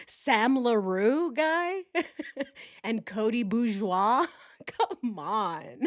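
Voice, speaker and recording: Brief: woman true crime vlogger, slow delivery, dry close sound, keeps breaking into disbelieving laughter. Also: a little high, sing-song, no room sound. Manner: incredulous, laughs often. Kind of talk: casual reaction commentary.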